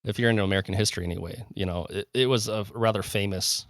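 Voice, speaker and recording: Male podcast co-host, low-pitched, enthusiastic rambler, dry close mic. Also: quick pace, fairly bright tone, no echo. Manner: enthusiastic, rambling with many fillers and restarts. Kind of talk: casual conversational podcast.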